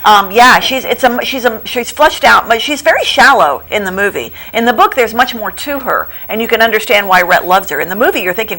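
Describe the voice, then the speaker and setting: A middle-aged woman who runs a bookstore, chatting as a guest in a local TV studio interview, animated and quick to laugh as she retells plots. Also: low-quality recording. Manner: acts out quoted lines in a higher voice. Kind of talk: casual TV interview chat.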